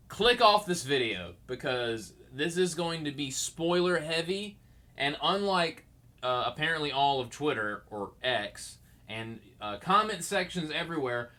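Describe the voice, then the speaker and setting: Rambling, animated young man podcasting. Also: on the high side. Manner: rambling, jokey, self-mocking. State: groggy, just woken up. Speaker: podcast host. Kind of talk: casual solo podcast chat.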